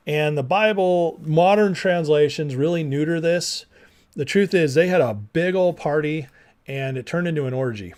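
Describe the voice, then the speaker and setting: A man teaching a Bible class in a casual, animated way, acting out the people in the stories with slangy dialogue. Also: on the high side, moderate pace.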